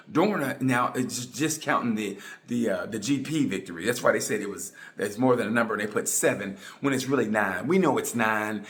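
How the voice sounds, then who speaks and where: A middle-aged man giving a rambling, excitable, tongue-in-cheek monologue about motorcycle racing. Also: mid-range voice. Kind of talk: casual monologue.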